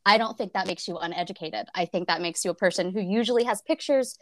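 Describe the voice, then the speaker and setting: A woman's voice: mid-range voice, fast, no echo, clean studio sound. A woman co-hosting a podcast, chatting casually about a book, swearing and laughing often. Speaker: podcast co-host.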